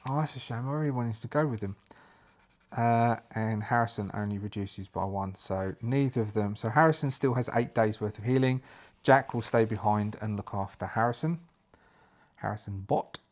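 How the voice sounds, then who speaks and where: A man's voice: medium pitch, a little mellow. A man narrating his solo tabletop game, talking through dice rolls and rules aloud.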